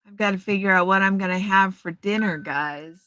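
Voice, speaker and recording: A woman hosts a casual livestream from home in front of a green screen, chatting with viewers and answering their messages by name through a headset earpiece mic. Her voice is medium-pitched, fairly quick, pushed and bright. The recording is dry and of poor quality.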